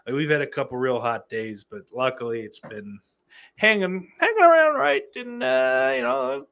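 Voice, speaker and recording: A man's voice: mid-range voice, creaky. A man from the United States hosting a casual livestream, reading the chat aloud and rambling with lots of fillers and cursing. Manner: profane, rambling, with many fillers and mock outbursts.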